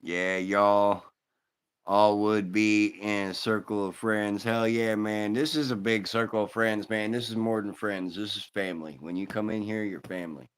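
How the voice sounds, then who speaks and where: A man's voice: fairly low pitch, fairly even intonation, moderate pace, smooth. A man hosting a casual live stream, telling crude jokes and greeting people in the chat.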